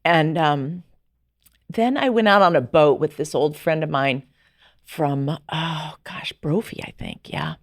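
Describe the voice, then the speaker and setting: A middle-aged woman telling her personal story as a podcast guest, lively and acting out the dialogue she remembers. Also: sits low, slow, dry recording, studio quality. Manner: animated, acts out quoted dialogue.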